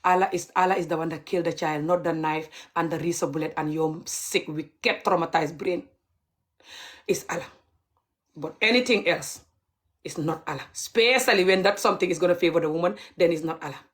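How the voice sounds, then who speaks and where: A woman's voice: fairly low pitch, fairly quick. A young adult woman, ranting heatedly and mockingly on a livestream as a vlogger. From Gambia. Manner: heated, mocking, laughs bitterly. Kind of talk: livestream rant.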